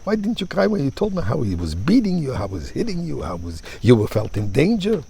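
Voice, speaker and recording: A man's voice: a little high, quick pace, darkish tone, slight background noise, pitched above the performer's own voice, natural voice. A man voicing an exasperated poor wife in a spoken parable, questioning in disbelief. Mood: bewildered. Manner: incredulous questioning.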